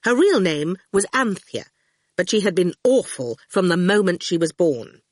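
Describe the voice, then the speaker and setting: A woman narrating an audiobook in an expressive storytelling manner, close to the mic. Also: fairly low pitch, normal speed, no echo.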